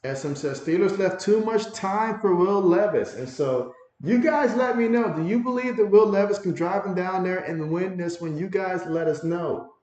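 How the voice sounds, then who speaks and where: Excitable man calling a game, echoey. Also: sits high, normal speed, hardly any pauses. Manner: excitable, reads viewer comments aloud. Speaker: livestream host doing play-by-play. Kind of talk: casual play-by-play commentary and chat. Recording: very echoey room.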